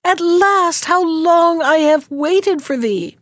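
A woman's voice: sits high, expressive, normal speed, dry recording, clean studio sound, voice pushed up. A woman voicing a tender young princess in a fairy-tale reading, speaking in a pleading, emotional way. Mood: joyful.

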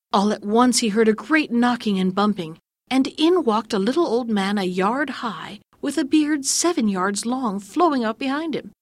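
A woman tells an old fairy tale in a measured, gently expressive way. Her voice sits a little high, and the recording is close and dry with no room sound. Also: no room sound. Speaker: storyteller. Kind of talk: scripted narration of a fairy tale.

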